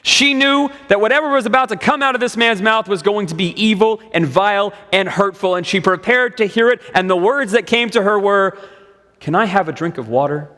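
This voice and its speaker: A male preacher tells a story from the pulpit, stacking repeated phrases for dramatic build. His voice sits high for a man. A long church-hall reverb trails his words. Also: brisk, hardly any pauses, sharp tone. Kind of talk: sermon storytelling. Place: church sanctuary.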